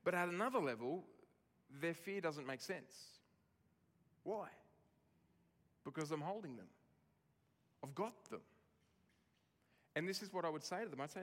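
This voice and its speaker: A man preaching a sermon, expressive, dropping soft on tender lines and rising for emphasis. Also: a little high, a little slow, long pauses, in a large hall. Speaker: pastor.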